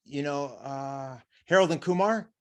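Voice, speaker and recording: Man, podcast host, slightly high voice, chatty storyteller. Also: a little slow. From United States. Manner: chatty storyteller, lively anecdotes. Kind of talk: casual podcast chat.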